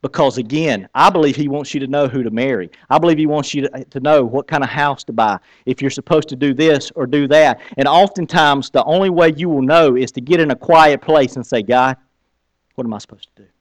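A male pastor preaching a sermon in a conversational style, dropping to a hush and then rising to animated, storytelling bursts. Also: mid-range voice, brisk, hardly any pauses, dry recording.

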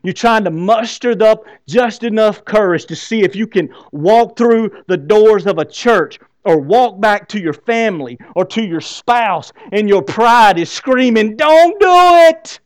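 Animated male preacher. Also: high-pitched, a little slow, hardly any pauses, dry recording, clean studio sound. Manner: animated, asks the congregation rhetorical questions. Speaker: pastor. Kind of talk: sermon.

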